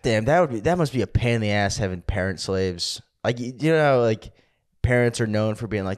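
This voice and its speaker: A man's voice: on the low side, animated, a little fast, clear, resonant tone, no room sound, clean studio sound. A man co-hosting a comedy history podcast, joking, laughing often and saying "dude" a lot. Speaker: podcast co-host. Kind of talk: casual comedy podcast chat.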